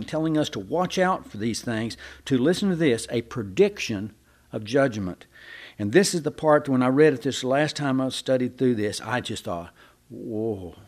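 A man's voice: medium pitch, darkish tone. A man preaching a sermon in a folksy, conversational way, often repeating and restarting his words.

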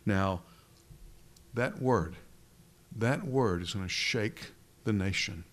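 A man preaching a sermon into a pulpit microphone, slowing down for emphasis and sometimes dropping to a hush. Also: lowish voice. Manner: dramatic preaching, slows down for emphasis, drops to a whisper at times.

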